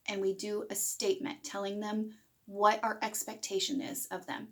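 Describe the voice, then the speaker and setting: A woman's voice: medium pitch, monotone, normal speed. Woman teaching a parenting lesson. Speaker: parenting educator. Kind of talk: direct-to-camera parenting lesson.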